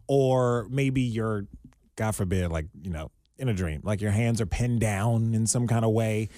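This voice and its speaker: A man's voice: on the low side, a little slow, dark tone, no room sound, clean studio sound. A man co-hosting a podcast, telling a story in casual chat and laughing often. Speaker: podcast co-host.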